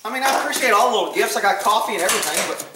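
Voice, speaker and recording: Speaking very fast and expressively in a high register, a man opens gifts for his channel at a home table, muttering and swearing as he chats. The recording is distant and off-mic, with room echo and faint noise.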